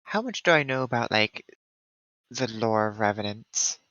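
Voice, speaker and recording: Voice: medium pitch, lively intonation, normal speed, fairly bright tone, no echo, dull audio. Player, casual, giggly, chatty, dry close sound. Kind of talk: casual tabletop play.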